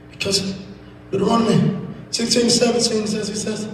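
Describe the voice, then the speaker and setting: A man preaching a sermon as pastor, rising into shouted and sung climaxes and stretching out words. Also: sits high, expressive, a little fast, a little hiss or hum. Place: church sanctuary. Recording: echoey church hall from far off.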